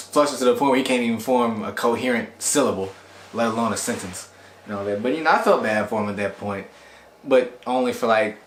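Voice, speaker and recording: A man's voice: mid-range voice, slight background noise. Rambling chatty man reviewing anime. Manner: rambling, chatty, animated quoting. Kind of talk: casual video review. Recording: echoey room.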